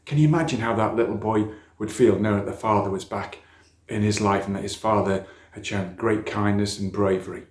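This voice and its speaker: A man's voice: on the low side, a little mellow. A middle-aged man, telling stories in a sermon for young people. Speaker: speaker at a church youth talk. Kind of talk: storytelling children's sermon. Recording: echoey church room.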